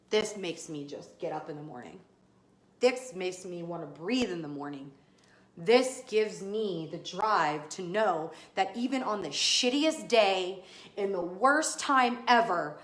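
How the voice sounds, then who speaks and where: A woman's voice: medium pitch, a bit bright. Fired-up woman coach in an echoey room. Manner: emphatic and fired up, casual cursing. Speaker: podcast host and business coach. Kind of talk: motivational talk to listeners.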